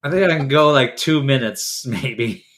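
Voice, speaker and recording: A man's voice: mid-range voice, moderate pace, a bit bright. Wry man reading out odd facts. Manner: wry, reads out items with sarcastic jabs. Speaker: podcast co-host. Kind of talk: casual chat.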